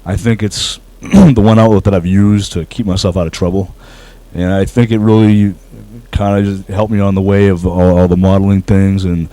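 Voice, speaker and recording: A very low, mellow-voiced man speaks as a guest in an interview. He talks about his work humbly, with frequent fillers and restarts. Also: level tone, normal speed, few pauses, rough recording. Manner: humble, hesitant with many fillers. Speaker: actor guest. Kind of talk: casual interview.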